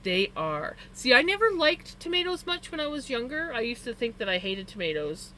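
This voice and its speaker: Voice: mid-range voice, big pitch swings, moderate pace, bright, forceful tone, a little hiss or hum. A live streamer chatting casually with viewers, telling rambling personal stories full of "like" fillers and stating preferences emphatically. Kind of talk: casual chat to a live audience.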